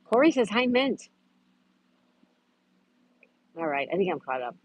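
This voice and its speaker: A woman's voice: mid-range voice, big pitch swings, unhurried, breathy edge, low-quality recording. A woman hosting a casual live stream outdoors at a park, chatting and greeting viewers by name as she reads their comments. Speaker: livestream host.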